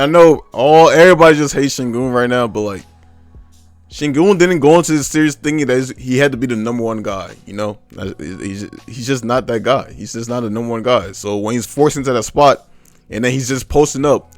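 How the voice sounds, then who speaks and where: A man's voice: mid-range voice, a little fast, no room sound, faint music behind. Blunt, exasperated young man ranting. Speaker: sports fan commentator. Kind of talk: casual ranting commentary.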